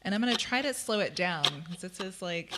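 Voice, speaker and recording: A woman's voice: on the low side, expressive, fairly quick, heavy background noise. A woman teaching ukulele in a live-streamed lesson, chatty and self-deprecating, often laughing between explanations. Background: her own ukulele playing.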